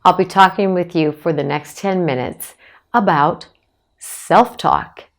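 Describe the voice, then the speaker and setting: A woman's voice: on the low side, unhurried. A middle-aged woman psychologist giving a direct-to-camera advice talk, encouraging and emphatic, speaking straight to the listener.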